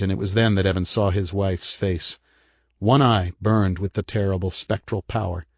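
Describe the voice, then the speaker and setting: A man with a very low voice narrates a horror audiobook in a dramatic, measured way. The recording is dry and close. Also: no echo.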